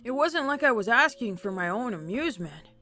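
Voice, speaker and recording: A sly, curious teenage boy, read by a woman streamer, coaxing an answer in an easy conversational way. The voice is bright and fairly high, close to her own. Faint music sits behind. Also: sing-song, fairly quick. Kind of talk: reading a game's lines aloud.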